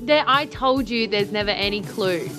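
A woman's voice: mid-range voice, lively intonation, normal speed, pushed and bright, soft background music. A woman co-hosting a radio show, chatty and eagerly explaining details. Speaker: radio co-host. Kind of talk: radio chat.

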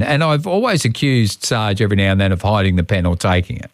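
Talking fast with hardly any pauses, an Australian man hosting breakfast radio banters and jokes with a caller. His fairly low voice comes through a studio microphone with no room sound.

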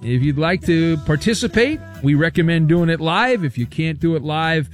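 A man hosting a talk radio show, brisk and wisecracking, reading out listener questions. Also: a little high, lively intonation, faint music behind. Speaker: radio host.

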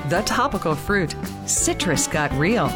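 A woman's voice: lowish voice, big pitch swings, a little slow, over music. A woman reading an upbeat podcast promo in a chirpy, breezy way.

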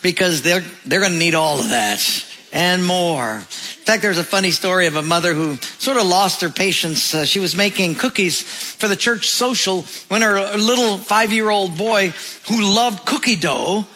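Male pastor, sermon, high voice, bright tone, humorous storytelling. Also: moderate pace, poor audio. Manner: storytelling with humor, voicing characters in anecdotes.

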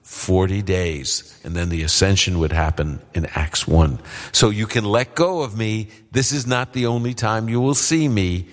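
A man hosting a live radio Q&A, explaining Bible verses in a relaxed, conversational way with fillers. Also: lowish voice, measured pace, in a large hall. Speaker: radio host answering Bible questions. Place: live audience event.

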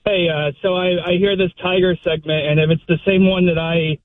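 A male caller heard over a thin, tinny phone line, his voice a bit high. He talks hesitantly, hedging and correcting himself as he explains. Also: fairly even intonation, a little fast, no room sound. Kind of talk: call-in comment.

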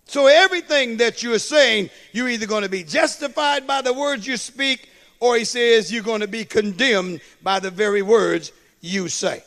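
High-voiced male preacher, very high pitch. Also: normal speed, fairly bright tone. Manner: call-and-response preaching, repeats phrases for emphasis. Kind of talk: sermon.

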